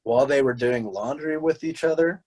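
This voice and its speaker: A man's voice: mid-range voice, normal speed, darkish tone, poor audio. A young man co-hosting a casual podcast, rambling and swearing a lot, often restarting his sentences. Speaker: podcast co-host. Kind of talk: casual chat.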